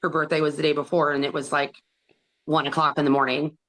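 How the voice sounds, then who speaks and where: A woman guest on an interview podcast, retelling a painful memory in an earnest, halting way and acting out other people's words as she goes. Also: low voice, flat delivery, fairly bright tone. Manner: acts out others' words in quoted dialogue. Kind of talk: personal storytelling in an interview.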